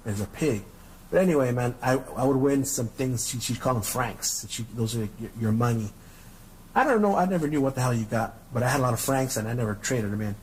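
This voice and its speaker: A man's voice: medium pitch, a little hiss or hum, rough recording. A middle-aged man hosting a podcast, telling stories in a casual, profane, rambling way and repeating his words. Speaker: podcast host. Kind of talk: casual storytelling rant.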